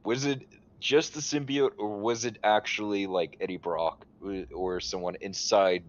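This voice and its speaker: A man co-hosting a casual chat, quick to ask questions and correct details. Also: lowish voice, fairly even intonation, muffled recording. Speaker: podcast co-host.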